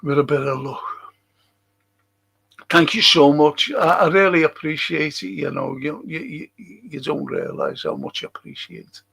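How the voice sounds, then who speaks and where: A man's voice: fairly high pitch, big pitch swings, moderate pace, vocal fry, pushed and bright, slightly rough. A man hosting a casual late-night livestream in a rambling, sweary way and chuckling to himself, speaking into a computer mic at a desk. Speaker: livestream host.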